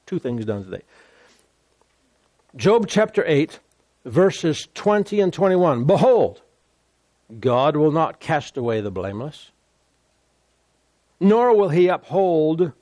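A man preaching a sermon with call-and-response, animated and repeating words for emphasis. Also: fairly high pitch, slow, pauses often.

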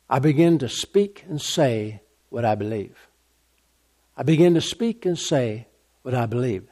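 A man's voice: mid-range voice, a little slow, warm tone. A man preaching a sermon who reads scripture aloud, repeats phrases for emphasis and checks in with the congregation. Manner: call-and-response asides, repeats phrases for emphasis.

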